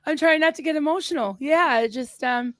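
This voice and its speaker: A woman's voice: high-pitched, brisk, a bit bright, no room sound. A woman hosting a casual live chat, effusive and chatty, laughing often. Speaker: host. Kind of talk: casual conversation.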